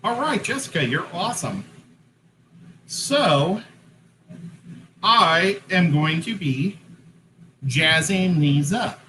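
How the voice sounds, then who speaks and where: A man's voice: high voice, lively intonation, slow pace, long pauses, bright, forceful tone, slight background noise, poor audio. A man co-hosting a casual livestream, chatty and self-correcting as he sets up and explains his painting. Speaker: co-host. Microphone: headset-style hat cam mic.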